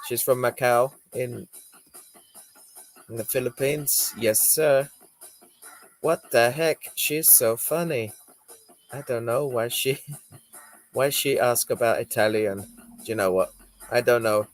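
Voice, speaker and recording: A man's voice: mid-range voice, slow pace, long pauses, soft background music. A man hosting a livestream, chatting casually, laughing often and reading out viewer comments. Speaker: livestream host.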